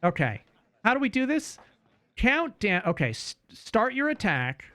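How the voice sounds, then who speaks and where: A young man talks through his game in a casual stream, animated and quick to swear or laugh. His voice is high and swoops widely in pitch. He takes his time, speaking slowly between actions. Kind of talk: casual gameplay commentary.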